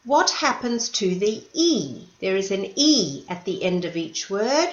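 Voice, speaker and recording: A woman teacher walks learners through an English lesson at a slow, deliberate pace, her pitch rising and falling in a lively way as she patiently stresses each syllable. The recording has a roomy echo and a slightly dull, muffled tone.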